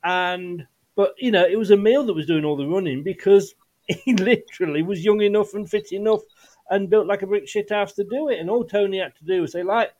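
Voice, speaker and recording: Male podcast host, slightly high voice, rambling casual football talk, brief. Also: brisk, darkish tone. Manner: rambling with frequent restarts and fillers.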